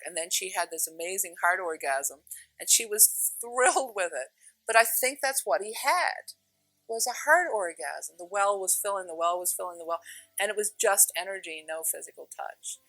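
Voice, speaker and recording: A woman talks casually as a spiritual teacher, her voice bright and forward. She tells stories in an animated way, acting out what others said. The sound is dry and close, with faint music underneath. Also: medium pitch, normal speed, no echo, poor audio. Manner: animated storyteller, acts out quotes.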